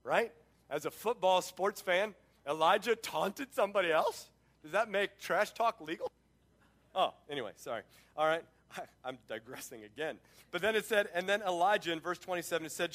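A middle-aged man preaching a sermon, telling the story in an animated way and breaking off into sports asides. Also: sits high, moderate pace. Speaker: pastor.

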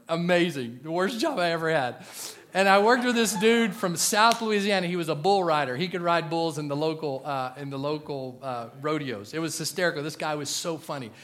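A middle-aged man preaching a sermon to a congregation in a joking, animated way, swinging from loud punchlines to quiet, earnest asides. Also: fairly high pitch. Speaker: pastor.

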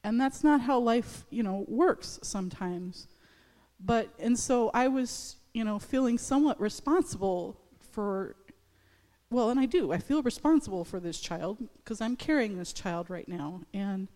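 A woman pastor in her thirties giving a personal testimony in a church service, speaking haltingly with many restarts. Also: mid-range voice, animated, warm tone, big-room sound. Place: church sanctuary.

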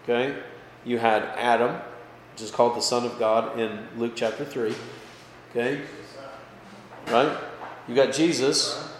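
A medium-pitched male pastor leads a casual Bible study at an unhurried pace, leaving long pauses. He checks in often with "okay?" and "right?" and livens up by pushing his voice for emphasis, recorded in an echoey hall with faint background noise.

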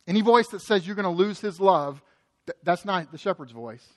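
A pastor delivers his sermon in a high, light male voice. He talks with passion, stacking repeated phrases in a steady preaching rhythm. His volume swings from strong emphasis to quiet, intense moments. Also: fairly quick. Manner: impassioned, shifting between loud emphasis and quiet intensity; repetitive preaching cadence.

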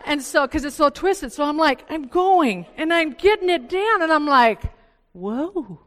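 A woman's voice: sits high, moderate pace, big-room sound. An older woman from Oregon, a Bible study speaker, telling a funny story to a group of women and acting out her own asides. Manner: animated, self-mocking storyteller who acts out her own asides. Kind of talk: storytelling talk to a live group. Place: church meeting room.

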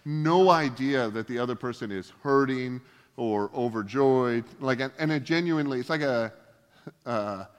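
A man's voice: medium pitch, measured pace. A male pastor giving a casual sermon, full of joking, self-deprecating asides. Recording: long hall reverb.

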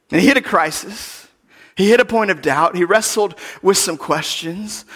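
A man preaching a sermon as a pastor. He talks in an animated way, acts out the voices he quotes and drops to near-whispers for emphasis. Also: high-pitched.

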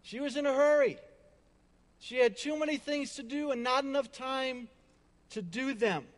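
High-voiced preacher in a reverberant hall. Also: male voice, normal speed. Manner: emphatic, repetitive, with conversational asides. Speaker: pastor. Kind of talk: sermon.

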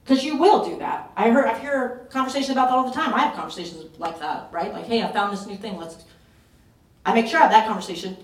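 A woman's voice: on the high side, very animated, fast, hardly any pauses. A woman pastor preaching a fervent, urgent sermon at a retreat, pressing her points with emphatic repetition. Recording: roomy echo, voice from a distance.

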